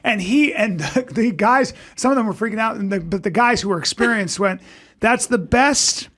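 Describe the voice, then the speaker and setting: A comedian guest on a podcast, a man telling rambling, animated stories in casual chat. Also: high voice, fairly quick.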